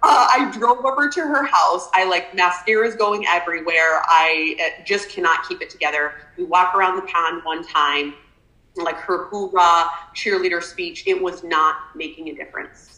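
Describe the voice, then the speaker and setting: Brief: woman guest, animated storyteller, lowish, bright voice, roomy echo. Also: moderate pace. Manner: animated, emotional, filler-heavy. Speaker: podcast guest. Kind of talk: personal storytelling.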